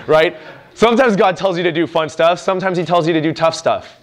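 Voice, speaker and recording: A fairly high-voiced young man preaches to teenagers with energy. He drops into little acted voices for parents and kids as he tells his stories. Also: fairly quick. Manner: animated, acts out quoted lines. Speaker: youth speaker. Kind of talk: youth sermon.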